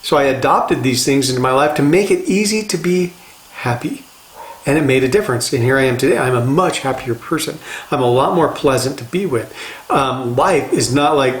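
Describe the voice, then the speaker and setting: A man's voice: medium pitch, moderate pace, echoey room. An older man, a life coach, giving an earnest motivational talk in a casual, conversational way and repeating phrases for emphasis.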